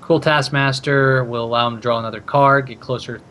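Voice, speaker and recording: A man's voice: mid-range voice, fairly even intonation, a little fast, fairly bright tone, slight background noise. A man casting a card game tournament, talking through each play with plenty of thinking-aloud fillers. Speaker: esports caster.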